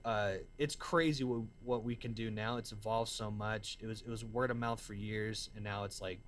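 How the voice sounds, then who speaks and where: A man's voice: lowish voice, normal speed, slight background noise. A man from the American South, telling stories in casual slang as an interview guest. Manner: excitable storyteller, slangy, says man and dude. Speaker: guest, musician and entrepreneur.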